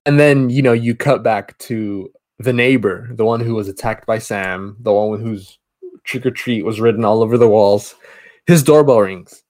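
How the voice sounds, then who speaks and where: A man's voice: lowish voice, normal speed, a little mellow. A man co-hosting a podcast, casually retelling a horror film's plot with many restarts and asides. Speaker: podcast co-host. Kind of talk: casual movie review chat.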